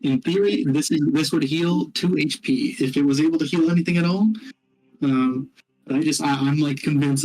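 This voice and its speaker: A man playing a tabletop game, narrating his character's actions in a halting way. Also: a little high, fairly even intonation, a little mellow, soft background music, poor audio. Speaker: player. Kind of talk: casual tabletop play.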